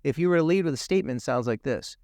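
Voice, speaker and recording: Guy guesting on a tv talk show, earnest and animated storytelling, dry close sound. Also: on the high side, racing, no room sound. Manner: animated, emphatic, acts out quoted dialogue. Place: TV studio.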